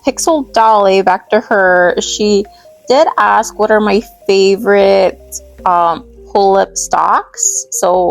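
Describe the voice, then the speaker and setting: Her voice medium-pitched and gravelly, a woman rambles and giggles through a casual chat about her doll collection as she restyles them. Names keep tripping her up.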